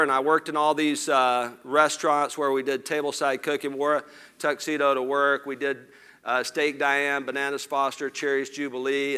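On an event stage, a middle-aged man from Lower Alabama tells stories to an audience in a Southern accent for a storytelling keynote. His voice is bright, forceful, smooth, and resonant, pitched a little high. His delivery is folksy and animated, full of jokey asides.

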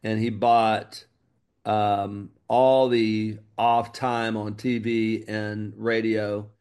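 A man's voice: lowish voice, drawn-out words, clean tone. Guy coaching his group on marketing, punchy, hammers the key words. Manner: energetic, emphatic, repeats key words. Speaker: business coach.

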